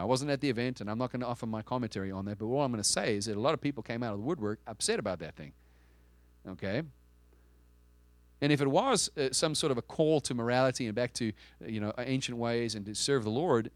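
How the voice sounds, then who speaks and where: A man's voice: medium pitch, expressive, fast talker, no room sound. Male pastor, conversational sermon delivery, punchy emphasis, dry room. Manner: conversational and emphatic, with rhetorical questions and frequent restarts.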